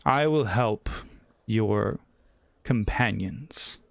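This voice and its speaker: A man voicing a grim, haughty ancient djinni lord who speaks slowly and with scorn. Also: lowish voice, vocal fry, no echo, heavily acted. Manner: slow, scornful and lordly.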